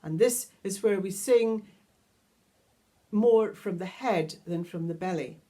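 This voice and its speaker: A woman teaching a guided vocal toning lesson, calmly explaining each step and singing long vowel tones. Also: medium pitch, takes it slowly. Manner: calm, instructive, demonstrates sustained vowel tones. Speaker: sound healing teacher.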